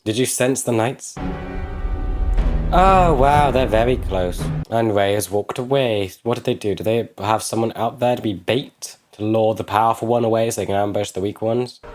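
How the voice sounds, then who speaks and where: A man hosting a reaction video, thinking out loud and firing excitable questions at the screen as he watches. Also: fairly low pitch, normal speed, over music. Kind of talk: casual film reaction commentary. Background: film soundtrack.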